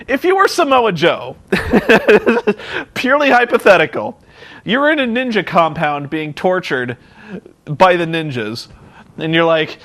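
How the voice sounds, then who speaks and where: A wrestling vlogger with a high-pitched, unhurried voice gives a casual commentary recap. He's excitable and sarcastic, swears freely, and acts out the scenes.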